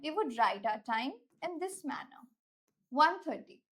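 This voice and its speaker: A woman teacher with an Indian English accent, giving an instructional lesson and slowing down to stress key words. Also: high-pitched, animated, fairly bright tone. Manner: clear, deliberate, slows down to stress key words.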